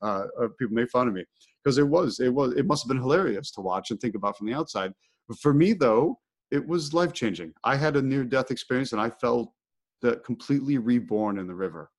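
Middle-aged male host, casual storyteller, animated, mid-pitched voice. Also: fairly quick. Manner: animated, acts out his own inner thoughts. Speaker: podcast host.

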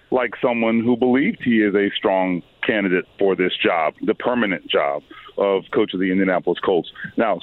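Hoarse man on a phone line. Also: fairly low pitch, dry recording. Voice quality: raspy. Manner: thoughtful, hesitant with many fillers and restarts. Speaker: sports reporter guest. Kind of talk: phone-in radio interview.

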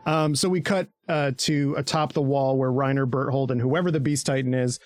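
A man's voice: mid-range voice, fairly even intonation, normal speed, darkish tone, slight background noise. A man hosting a casual podcast, rambling and joking loosely, swearing freely. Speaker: podcast host.

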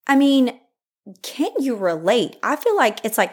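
A woman's voice: on the high side, very animated, unhurried, darkish tone, slightly rough. Chatty, earnest young woman podcaster. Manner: earnest and chatty, laughs often, says "like" a lot. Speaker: podcast host. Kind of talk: faith-based podcast talk, reading scripture.

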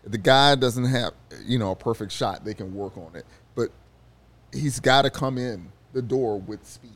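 A man's voice: mid-range voice, normal speed, a bit bright. A man, a newspaper hockey reporter, talking casually in a studio, chatty and full of fillers, getting livelier when he tells a story. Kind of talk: casual sports chat.

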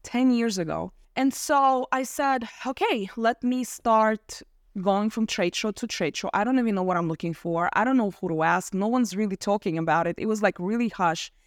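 A woman around forty, a podcast guest, telling her story in a lively chat and acting out quotes. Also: medium pitch, normal speed, dry recording, studio quality. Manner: animated, acts out quotes with laughs. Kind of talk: casual storytelling interview.

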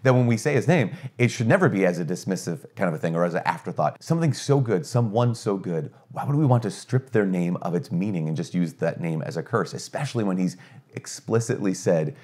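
Earnest and full of energy, a middle-aged priest delivers a conversational teaching in a low voice at a slightly fast pace. He asks rhetorical questions and frequently starts over mid-sentence.

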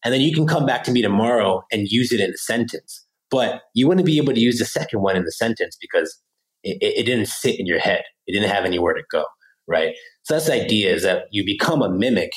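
This podcast guest, a language teacher from Pennsylvania, has a low voice and explains things in a lively, demonstrative manner. The casual interview is captured on a low-quality recording, and he talks quickly, animatedly imitating phrases in different voices.

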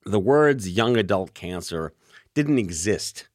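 A man in his forties hosts a casual podcast chat, teasing his guests with playful questions. His pitch swings widely as he talks. The sound is dry and close. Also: takes it slowly, no room sound. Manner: joking, playful, animated questions. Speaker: podcast host.

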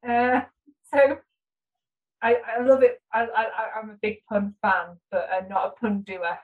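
A woman guest on a podcast, chatting casually in an animated, self-deprecating way and restarting her sentences often. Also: a little high, measured pace, phone-quality sound. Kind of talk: casual conversational interview.

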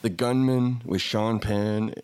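Casual podcast co-host, male, lower voice, dry close sound, excitable and profane. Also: slow, clean tone, no room sound. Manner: enthusiastic, swearing, laughs a lot. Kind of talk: casual movie chat.

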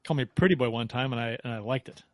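A man co-hosting a hockey podcast, trading stories in a relaxed, casual way. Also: mid-range voice, quick pace, crowd noise. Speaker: podcast co-host. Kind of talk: casual chat.

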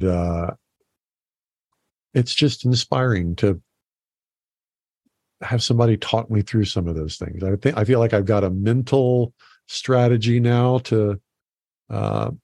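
Guy hosting a podcast, lowish voice, dry close sound, laid back w lots of uhs. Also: slow pace, pauses often, a little mellow, no room sound. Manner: easygoing, with frequent fillers. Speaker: podcast host. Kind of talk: casual interview chat.

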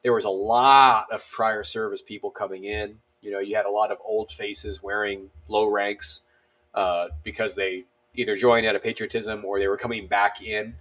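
A man in his thirties, an army veteran appearing as a guest, tells stories casually in a voice on the low side at normal speed. He's animated, acting out the lines of the people involved, with lots of fillers.

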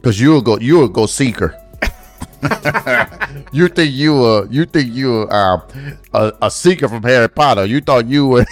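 A man's voice: mid-range voice, brisk, soft background music. A man hosting a casual true-crime podcast, talking bluntly, swearing and teasing his co-host. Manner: blunt, opinionated, swears and teases.

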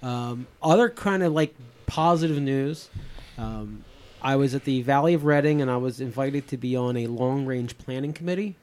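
A man's voice: mid-range voice, normal speed, a little mellow. Rambling middle-aged man hosting. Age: 50s. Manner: rambling, many restarts and fillers. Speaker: podcast host. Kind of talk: casual chat.

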